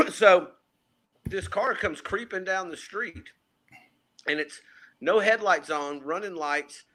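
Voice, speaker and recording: Bright-voiced man telling a story. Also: high-pitched, slow, pauses often. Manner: animated, acts out quotes, frequent fillers. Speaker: podcast co-host. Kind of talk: casual storytelling chat. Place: home, remote call.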